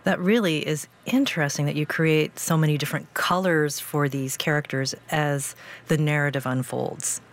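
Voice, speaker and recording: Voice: medium pitch, moderate pace. An interviewer asking questions in a curious, appreciative way.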